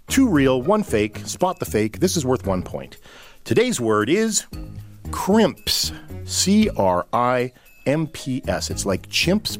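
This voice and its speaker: Lively playful male game-show host. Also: mid-range voice. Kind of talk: radio game show hosting.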